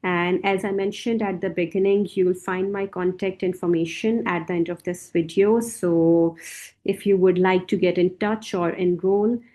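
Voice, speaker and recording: A woman teaching a beginner French lesson, speaking slowly and patiently and repeating each word for her students to drill. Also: on the low side, fairly even intonation, warm tone.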